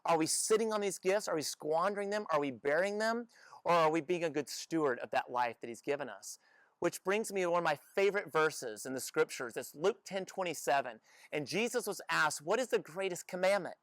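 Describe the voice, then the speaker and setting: A man's voice: fairly high pitch, expressive, brisk, fairly bright tone, no room sound. A man hosting a Christian motivational talk, speaking earnestly and exhorting with many rhetorical questions. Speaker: host.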